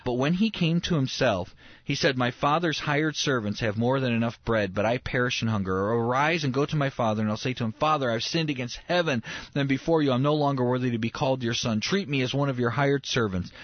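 Male pastor, mid-range voice, lively sermon delivery, dry and slightly dull recording. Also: mid-range voice, brisk, dry recording. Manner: animated, acts out the figures' quoted lines.

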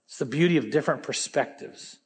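A man's voice: medium pitch, fairly quick. A man in his forties, a pastor preaching a sermon on stage in a church, reading scripture aloud and adding emphatic, conversational asides. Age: 40s.

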